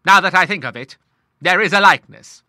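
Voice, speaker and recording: A man playing a bluff, hearty old navy admiral in a storybook reading. He blusters along in a lively, bouncing voice, bright and forceful, recorded close and dry. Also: high voice, fairly quick, no echo, pitched above the performer's own voice, heavily acted. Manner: hearty, blustering, full of sea talk.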